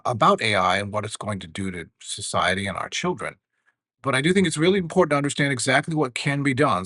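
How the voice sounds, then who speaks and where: A man teaching a lesson about AI tools with a live demo, measured and earnest. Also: medium pitch, a bit bright, no echo. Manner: measured, earnest, some fillers.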